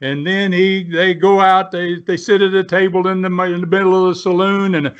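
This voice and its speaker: In this storytelling interview, a man in his seventies, a retired wrestler, speaks in a high-pitched, level voice that moves fairly quickly and smoothly. His manner is folksy and rambling, his language salty. The audio is dull and lo-fi.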